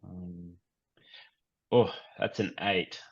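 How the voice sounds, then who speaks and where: A man playing a tabletop game, talking casually and haltingly about his moves. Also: sits low, little pitch movement, creaky, husky, lo-fi sound. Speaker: player.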